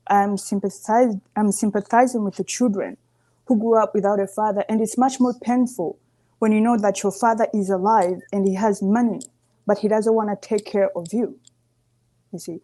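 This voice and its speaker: A woman's voice: mid-range voice, fairly even intonation, moderate pace, mellow. A woman calling in to a live show, earnest and emphatic, often asking "you see". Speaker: caller. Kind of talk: call-in opinion.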